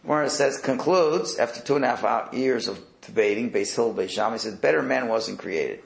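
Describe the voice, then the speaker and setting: Gravelly-voiced man teaching Talmud. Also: medium pitch, fast, reverberant, rough recording. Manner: conversational, repeats and restarts, mixes Hebrew and Aramaic terms. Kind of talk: casual Talmud class.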